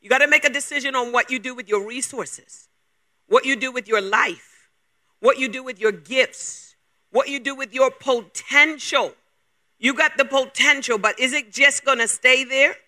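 A man preaching a sermon, driving his points home with rapid rhetorical questions. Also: very high voice, bright, forceful tone.

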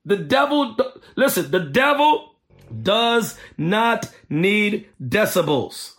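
A man delivering a sermon as an apostle, his voice pitched high and swinging widely up and down. The tone is bright and sharp, and he drives each point home emphatically, often repeating phrases. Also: slow. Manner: emphatic, repetitive, animated. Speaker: apostle teaching deliverance ministry. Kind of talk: preaching sermon.

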